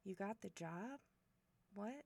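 A woman's voice: medium pitch, expressive, unhurried, creaky, dry recording. A woman performing a one-sided audio role-play as a friend's older sister, teasing and affectionate toward a silent listener.

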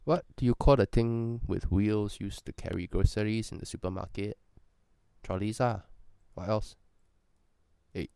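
Creaky-voiced man putting on a Singaporean accent. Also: fairly low pitch, dark tone, no echo. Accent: put-on Singaporean English. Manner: playful and profane, joking asides. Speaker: vlogger doing an accent tag. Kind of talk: casual chat reading prompts.

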